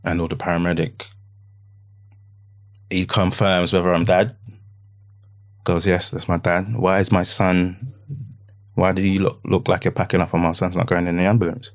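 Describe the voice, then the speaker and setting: A man on a podcast recounting a painful personal experience. He speaks haltingly, repeats phrases, quotes his own words, and often drops to a hushed voice. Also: low voice, flat delivery. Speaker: podcast guest. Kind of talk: emotional personal account.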